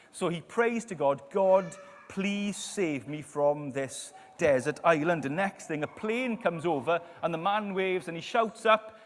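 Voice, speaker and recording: A man preaching in a church, his pitch rising and falling in lively storytelling. His voice sits a little high for a man, and a long hall echo trails behind it. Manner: storytelling, lively, drops to quiet emphasis. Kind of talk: sermon.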